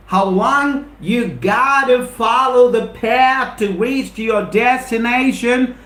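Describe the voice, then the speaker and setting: A man's voice: very high voice, lively intonation, slow pace, few pauses, fairly bright tone, echoey room. A man with an Indian English accent runs a live spoken English lesson, repeating his points with emphasis and greeting viewers by name. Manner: repetitive, emphatic motivational delivery.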